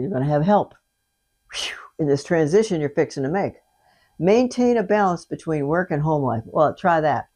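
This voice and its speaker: An older woman gives a chatty, casual tarot reading straight to the camera, sprinkling in folksy exclamations as she talks to the viewer. Her voice is lowish, sing-song, and darkish in tone, at a moderate pace.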